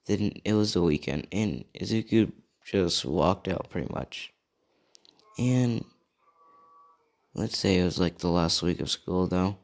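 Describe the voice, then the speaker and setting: A man's voice: deep voice, a little mellow. Tired young man rambling a fan story. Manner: rambling, hedging, many fillers. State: tired, yawning. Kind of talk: improvised fan story narration.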